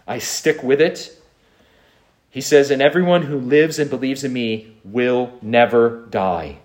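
A man's voice: medium pitch, a little slow, darkish tone. A man preaching a sermon, earnest, with rhetorical questions and repeated refrains. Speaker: pastor. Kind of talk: expository sermon.

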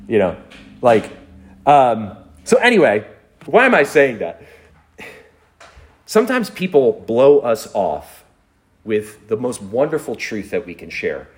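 A man's voice: mid-range voice, very animated, moderate pace. A man preaching a sermon in a conversational, storytelling way, chuckling now and then. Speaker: pastor.

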